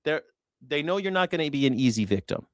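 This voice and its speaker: A man's voice: on the high side, very animated, fast talker, no echo, studio quality. A man hosting a casual commentary show, telling stories in a blunt, profane way. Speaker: host.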